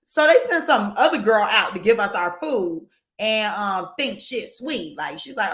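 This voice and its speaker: Woman podcast host ranting through a story, bright high voice, echoey room. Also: unhurried. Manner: animated, profane, acts out quoted people. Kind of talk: casual chat, storytelling.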